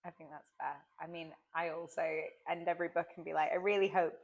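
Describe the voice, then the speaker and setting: A woman interviewing an author for the publisher, chatty and relaxed, laughing now and then. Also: deep voice, brisk, vocal fry, slightly rough, dull audio. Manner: chatty, many fillers and restarts, laughs. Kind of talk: casual interview chat.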